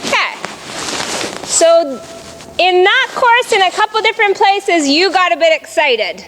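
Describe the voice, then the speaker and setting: A woman's voice: very high-pitched, big pitch swings, unhurried, fairly bright tone, a little hiss or hum, low-quality recording. A woman riding instructor coaching a jumping lesson, calling out cues and explaining in an encouraging, instructive way.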